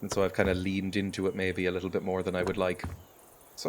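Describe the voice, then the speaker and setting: Low-voiced Irish man chatting while gaming. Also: monotone, fast, slight background noise. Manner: chatty, self-deprecating, laughs often; swears casually. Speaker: gaming streamer. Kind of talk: casual chat over gameplay.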